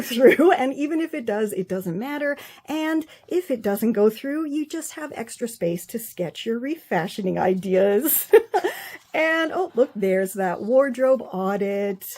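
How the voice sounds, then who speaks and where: A woman's voice: medium pitch, a little mellow. A woman vlogger talking through her own books, gushing and effusive, often trailing off and restarting, so moved she is near tears. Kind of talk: excited casual show-and-tell.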